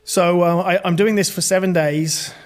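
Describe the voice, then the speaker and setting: British male guest, middle-aged, slightly higher voice, earnest testimony with stumbles. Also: fairly even intonation. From Britain. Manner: earnest storytelling, halting restarts. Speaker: podcast guest. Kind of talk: personal testimony in an interview.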